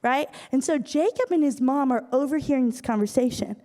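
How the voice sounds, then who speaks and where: A woman's voice: high-pitched, brisk. Chatty young woman preaching in a hall. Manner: chatty, animated, with slangy asides. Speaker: youth speaker. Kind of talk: casual sermon. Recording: echoey hall.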